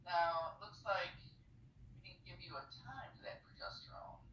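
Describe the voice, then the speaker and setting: A woman's voice: on the low side, normal speed, a bit bright, echoey room, recorded from a distance, a little hiss or hum, poor audio. A woman working as a fertility nurse, patiently explaining a medication calendar step by step over a video call and checking understanding with "okay?".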